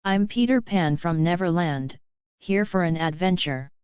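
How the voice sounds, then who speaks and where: Bold playful boy hero, read by a woman, smooth low voice, dry lo-fi sound. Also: animated, a little slow, dry recording. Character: bold cheerful boy hero who loves adventure.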